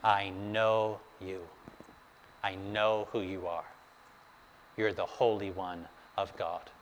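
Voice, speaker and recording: A man voicing a fearful male demon possessing a man, speaking low, slow and hushed, with long reverb around him. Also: little pitch movement, slight background noise.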